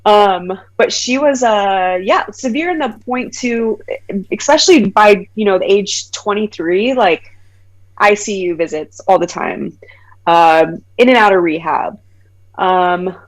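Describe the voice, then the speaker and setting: Animated woman in her thirties telling a story. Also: medium pitch, measured pace, rough recording. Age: 30s. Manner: animated, acts out quoted voices, frequent "like" fillers. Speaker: podcast guest. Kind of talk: personal storytelling in conversation.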